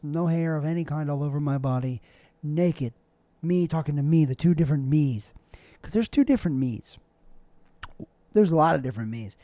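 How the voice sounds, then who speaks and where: Rambling man with a higher mellow voice. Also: dry recording. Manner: rambling, self-deprecating, jokey asides. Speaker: podcast host. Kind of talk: rambling solo monologue.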